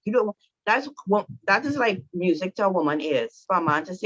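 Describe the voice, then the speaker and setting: A woman's voice: medium pitch, animated, a little fast, a bit bright, no room sound, highs cut off. A woman giving an instructive talk to women on marriage, speaking directly and often asking "right?". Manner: direct, repetitive, coaching with rhetorical "right?". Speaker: marriage teacher.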